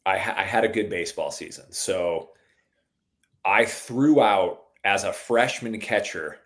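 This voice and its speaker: A middle-aged man telling stories in a relaxed conversation, calling the listener "dude" a lot and getting animated at the exciting parts. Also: lowish voice, unhurried. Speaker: podcast guest. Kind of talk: casual storytelling chat.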